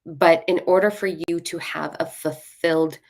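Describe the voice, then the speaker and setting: A woman's voice: sits low, fairly even intonation, moderate pace. A woman hosting a spiritual live stream, giving casual card readings in a blunt, playful way and swearing freely. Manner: self-mocking and playful.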